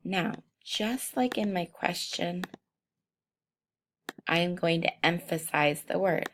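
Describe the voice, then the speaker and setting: A woman walking through software steps in a screencast tutorial, unhurried and thinking aloud with frequent ums. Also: on the low side, a little hiss or hum. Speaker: teacher demonstrating software.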